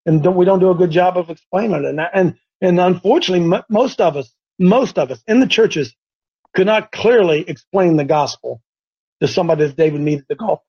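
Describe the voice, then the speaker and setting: Husky high-voiced man telling a story. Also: brisk, dull audio. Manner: animated, stumbling, repetitive storyteller. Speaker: host. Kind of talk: faith talk show storytelling.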